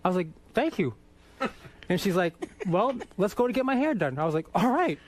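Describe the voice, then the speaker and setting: A man from Boston, a guest in a radio studio, telling profane, animated stories with laughter. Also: high voice, brisk. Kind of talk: casual storytelling interview.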